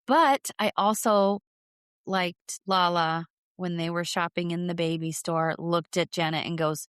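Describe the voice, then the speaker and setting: Blunt woman cohost ranting about reality show people, lower voice, dry sound. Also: steady tone, fairly bright tone, clear, resonant tone, no echo. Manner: blunt, emphatic, quick agreements. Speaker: podcast co-host. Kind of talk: casual chat recapping reality TV.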